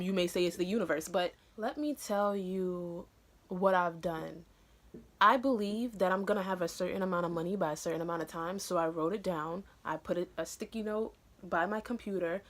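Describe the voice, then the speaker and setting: A young woman gives her viewers an earnest pep talk in a casual vlog. Her voice sits at a middle pitch, and she fills the gaps with "um" and "you know". She gets animated in bursts as she talks. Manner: earnest and encouraging, many "um" and "you know" fillers. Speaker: vlogger.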